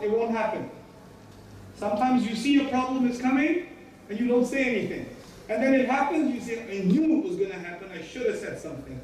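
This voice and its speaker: Echoey, high-voiced man preaching a sermon. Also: a little mellow, slight background noise. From United States. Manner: emphatic, repeats key phrases, acts out quoted dialogue. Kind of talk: Friday sermon. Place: mosque prayer hall. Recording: echoey hall, mic from a distance.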